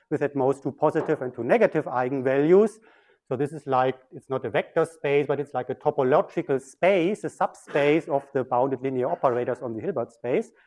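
A man's voice: on the high side, a little mellow. A man giving a mathematical physics lecture, explaining step by step at a board.

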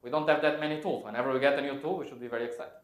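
A man's voice: medium pitch, fairly even intonation, rapid-fire. A man giving a technical physics lecture, explaining step by step and correcting himself as he goes. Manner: thinks aloud, self-correcting, explanatory. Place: lecture hall. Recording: echoey lecture room.

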